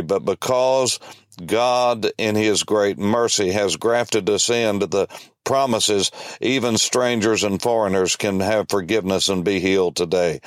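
A man's voice: fairly low pitch, dry recording. A male preacher delivering a sermon, telling a story emphatically.

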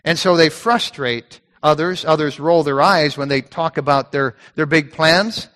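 A fairly high-voiced man preaches a sermon in a church sanctuary, with his words trailing off into a long hall reverb. He talks in a conversational way, doubling up on words as he goes, and slows right down when he reads scripture. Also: a bit bright. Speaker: pastor.

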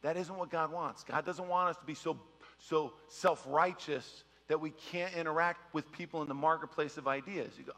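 Middle-aged pastor, high bright voice with gravel, chatty jokey sermon, long church-hall reverb. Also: male voice. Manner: animated, joking, mimics people in quick asides. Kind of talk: conversational sermon.

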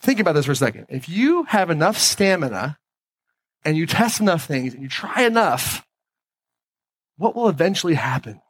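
A man's voice: fairly high pitch, sing-song, moderate pace, slightly rough, no room sound. A man giving a motivational talk on stage, emphatic, repeating key phrases and asking the audience questions. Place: stage before a live audience.

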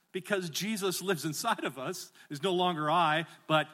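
A middle-aged man preaching a sermon as pastor, animated and rising to emphatic calls, asking the congregation to repeat phrases back. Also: high voice, moderate pace, hardly any pauses.

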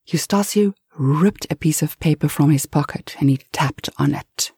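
A woman narrating a bedtime story for adults in a soft, half-whispered delivery. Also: sits low, moderate pace, hardly any pauses, husky, no echo.

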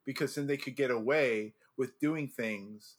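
A man hosting a casual chat, telling animated stories full of restarts and laughter as a former judge. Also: medium pitch, unhurried. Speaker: podcast host and former drum corps judge.

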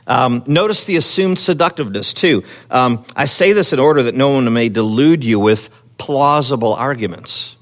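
Speaking at a normal speed with few pauses, a man with a mid-range voice delivers a conversational sermon. The pastor questions the congregation, stumbles into fillers and restarts often, and gains energy as he quotes scripture.

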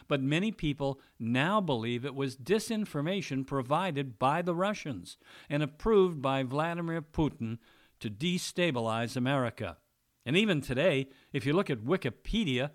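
A man giving a mocking, sarcastic opinion monologue as a political commentator. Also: mid-range voice.

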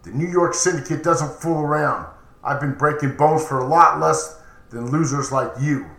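A man's voice: a little high, normal speed, gravelly, fairly bright tone. A man doing a menacing mob loan shark. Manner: blunt, threatening. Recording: roomy echoey recording.

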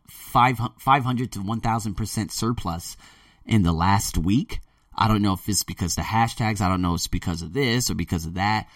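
A young man hosting his own podcast alone, talking casually and animatedly, with loud excited bursts that drop to low murmurs. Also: no room sound, studio quality, recorded from a distance. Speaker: podcast host. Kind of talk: solo podcast monologue.

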